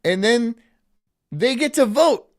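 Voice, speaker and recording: A man's voice: very high-pitched, lively intonation, takes it slowly. A man rambling sardonically while streaming live commentary, laughing at his own jokes.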